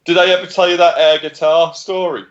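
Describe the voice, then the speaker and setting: A man's voice: a little high, fairly quick. A man in his thirties chatting casually while co-hosting a game livestream, swearing freely and laughing as he tells stories. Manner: animated storyteller, laughs often, swears. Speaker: livestream co-host. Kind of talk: casual gaming chat. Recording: muffled lo-fi audio.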